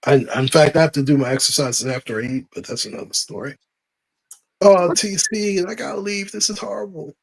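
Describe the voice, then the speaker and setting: A man's voice: on the high side, steady tone, fairly quick, vocal fry, rough recording. A man on a live stream who chimes in with short remarks and laughs along. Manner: brief interjections, laughs along. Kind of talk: casual chat on a live stream.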